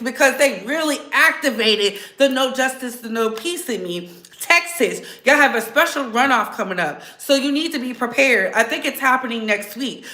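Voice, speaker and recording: Fiery high-voiced woman vlogger. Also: bright, forceful tone, roomy sound. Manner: fiery, blunt and profane, rallying viewers. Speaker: host. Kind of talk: political commentary vlog.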